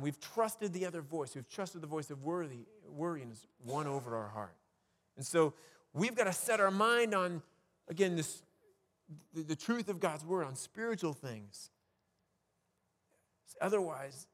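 A man's voice: high-pitched, fairly bright tone, in a large hall. A man preaching a sermon as a pastor, talking conversationally with restarts and rhetorical questions.

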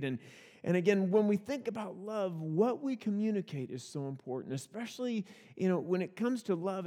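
A man's voice: on the high side, a little mellow. Man preaching a folksy sermon, long hall reverb. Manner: folksy, storytelling, frequent restarts and repeated words. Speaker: pastor. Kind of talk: conversational sermon with personal stories.

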